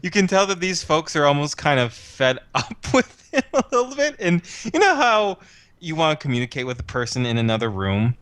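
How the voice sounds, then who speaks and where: A man's voice: a little high, big pitch swings, a little fast, fairly bright tone, clean tone, no echo. A man running a tabletop role-playing game, narrating casually with frequent fillers and chuckles. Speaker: game master.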